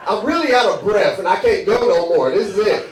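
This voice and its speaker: A young man's high voice, with lively intonation and a fairly quick pace, carries a loose, chatty stand-up set in which he laughs at his own jokes. It's recorded in an echoey comedy club from a distant mic, with the crowd laughing in the background.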